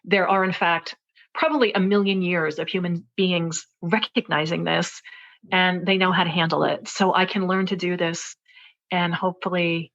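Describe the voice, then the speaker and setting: Here a forties-aged woman guesting on a podcast tells a personal story conversationally, thoughtful and sincere, repeatedly beginning her sentences again. Her pitch is fairly low, her intonation fairly even, her speed normal and her tone a little bright, all captured on lo-fi sound.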